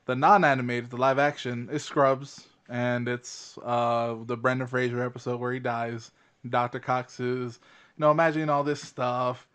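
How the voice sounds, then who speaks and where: A man's voice: mid-range voice, level tone, normal speed, a bit bright, clear, resonant tone. Crude joking podcast co-host, a man. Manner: crude, joking, laughs often. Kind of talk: casual chat.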